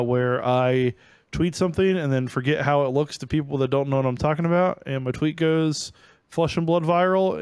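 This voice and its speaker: A man's voice: on the high side, clean tone, no echo. A man co-hosting a podcast in casual chat, joking and explaining himself. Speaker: podcast co-host.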